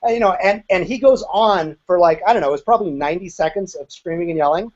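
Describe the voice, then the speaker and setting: A man's voice: high voice, fast talker, muffled recording. A man in his fifties, a guest in an interview, telling his story in a frank and occasionally profane way. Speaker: interview guest, former group member.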